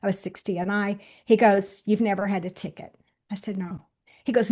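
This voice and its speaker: A woman in her sixties, a guest on the show, telling a personal story straight to viewers, swinging between loud bursts and hushed moments. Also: mid-range voice, fairly even intonation, brisk. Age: 60s. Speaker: interview guest.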